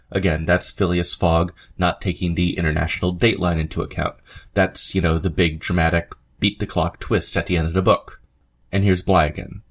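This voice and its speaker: A male podcast host whose voice sits low talks fairly quickly with a flat delivery. He narrates a scripted history episode containing read quotes, chatting conversationally with asides and fillers.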